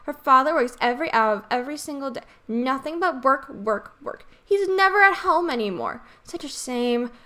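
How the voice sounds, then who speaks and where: A woman's voice: high voice, animated, normal speed, hardly any pauses, sharp tone. A woman voicing a gossipy, kindly old neighbor woman as she reads a game's dialogue aloud, in a fussy, confiding way. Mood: gossiping. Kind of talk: reading game dialogue aloud.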